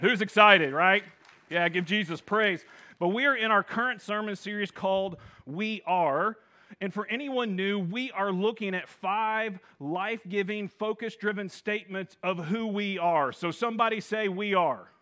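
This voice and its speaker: A male minister delivers a sermon in a church sanctuary. His voice sits high for a man, and he preaches with eager energy, calling out to the congregation for responses. He often repeats himself and restarts his phrases as he goes. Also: bright, forceful tone.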